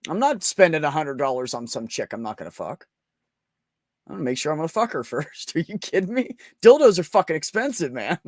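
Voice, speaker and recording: A young man chatting casually on his livestream, crude and joking with a ready laugh. His voice runs a little high for a man and moves around a lot. The sound is close and dry. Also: sing-song, a little fast, dry recording. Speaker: livestream host. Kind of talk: casual live chat.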